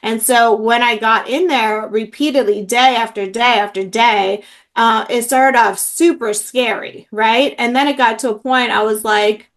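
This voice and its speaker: Earnest woman healer, fairly high voice. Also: steady tone, measured pace, fairly bright tone. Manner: earnest, many fillers. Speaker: emotional healing practitioner. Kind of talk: interview, personal story.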